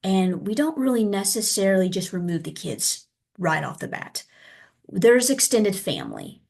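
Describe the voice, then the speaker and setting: A woman's voice: mid-range voice, wildly swooping pitch, moderate pace, vocal fry, darkish tone. An American woman who works as a child abuse investigator, answering interview questions conversationally and acting out her polite phone calls to parents.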